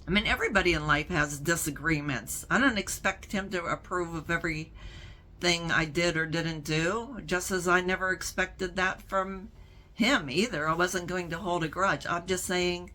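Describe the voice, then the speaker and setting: A middle-aged woman hosting her own channel, answering viewer questions in a casual talk to camera, speaking in a slow, reflective way with frequent pauses. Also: on the low side, sharp tone. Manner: slow, deliberate and reflective, pausing often between phrases.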